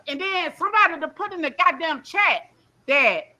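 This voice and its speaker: Extremely high-pitched and sharp, this caller's voice moves with lively intonation at a normal speed. The woman rings a livestream for an emotional, rambling rant, blunt and heavy on profanity.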